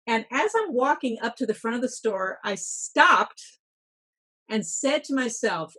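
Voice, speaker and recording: Husky middle-aged woman coaching. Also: a little high, expressive, unhurried, bright, forceful tone. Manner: storytelling, coaching tone. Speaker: guest, workplace wellness speaker. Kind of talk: podcast interview.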